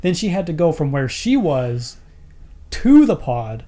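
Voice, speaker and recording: A man's voice: on the high side, sing-song, unhurried, mellow. A man co-hosting a podcast, casually questioning a movie's plot holes and laughing easily. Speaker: podcast co-host.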